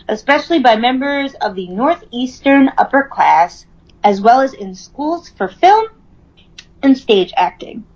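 A woman's voice: fairly high pitch, muffled recording. A woman co-hosting a casual chat, reading from notes, laughing often and stumbling over words. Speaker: podcast co-host.

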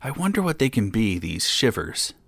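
A man's voice: lowish voice, very animated, moderate pace, vocal fry, a bit bright, husky, dry recording, voice pushed up, exaggerated voice. A man voicing a brave, naive young man who cannot learn to shudder, in an eager, cheeky way. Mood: wistful.

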